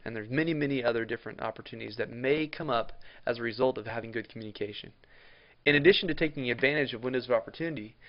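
Man explaining coaching tips, lo-fi sound. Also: medium pitch. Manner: plain explanatory delivery with restarts and lists. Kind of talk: instructional talk. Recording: dull lo-fi recording.

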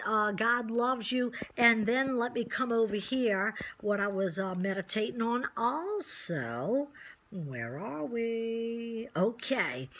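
A woman's voice: fairly high pitch, fairly bright tone. A woman preacher giving an earnest, encouraging devotional sermon straight to her listeners. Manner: earnest, encouraging, direct address.

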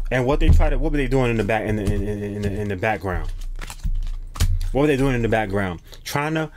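A man with a mid-range voice gives his viewers a casual spiritual tarot reading, slangy and emphatic, with slight background noise. He often repeats phrases and hesitantly restarts as messages come through to him.

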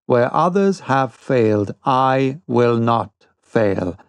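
A man reading the part of a stern, proud older sea captain in an audiobook, with a cold, quiet and ironic manner. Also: medium pitch, animated, slow, clear, resonant tone, dry recording.

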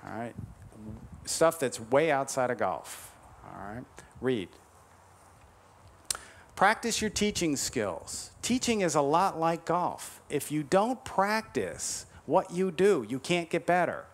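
A man giving a motivational lecture to golf teachers, emphatic, slowing on key advice and tagging his points with "all right?". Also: fairly high pitch, sing-song. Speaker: conference speaker to golf teachers.

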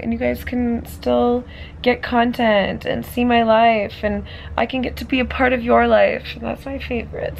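A young woman vlogs in a chatty, excitable way, her voice sitting a little high. She often drops into a hushed whisper. Outdoor noise and passing traffic come through clearly behind her. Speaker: vlogger. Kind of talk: casual vlog talk.

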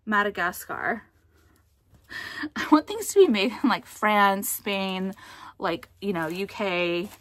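This young American woman's vlog chatter is animated yet slow, with frequent pauses, in a medium-pitched, slightly bright voice on a dry recording. She rambles casually, using lots of fillers and swearing, and flares into outrage.

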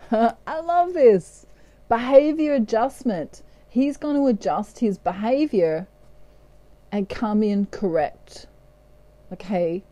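A woman with a fairly high, mellow voice gives a relaxed tarot reading at an unhurried pace. She is playful and keeps breaking into snatches of song. The sound is dry and close. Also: dry recording. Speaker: tarot card reader.

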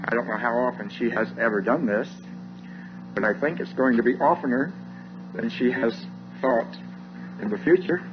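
Man, mid-pitched church announcer, lo-fi old tape, music bed. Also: moderate pace, pauses often. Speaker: service announcer and host. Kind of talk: church service introduction.

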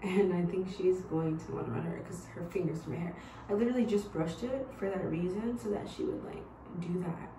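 A woman's voice: lowish voice, fairly quick, hardly any pauses, roomy sound, background noise. A woman vlogging at home in casual, rambling chat, with a lot of "like" between her words. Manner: rambling, chatty, heavy use of "like". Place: home bedroom.

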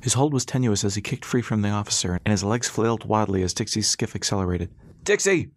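A man narrating an audiobook in a brisk, steady storytelling manner. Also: lowish voice, no echo. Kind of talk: scripted narration.

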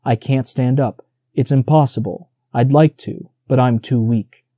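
A man voicing a weak young male fawn who speaks softly and resignedly in an audiobook. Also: medium pitch, fairly even intonation, a little slow, no room sound, studio quality, lightly acted. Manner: soft, resigned and serious.

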